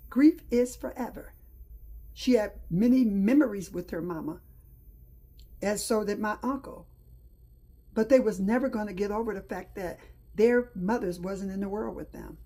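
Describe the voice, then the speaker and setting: A woman's voice: medium pitch, dark tone, slightly rough. A middle-aged woman hosting her own talk show, telling a personal story in an earnest, reflective way. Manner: earnest storytelling with pauses and restarts. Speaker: host.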